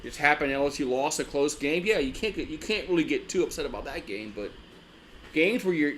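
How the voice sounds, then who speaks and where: A man's voice: fairly high pitch, animated, a little fast, slight background noise. Frustrated man ranting on a sports stream. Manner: frustrated, swearing, rambling with many restarts. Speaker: sports live-stream host. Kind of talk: casual live-stream fan chat.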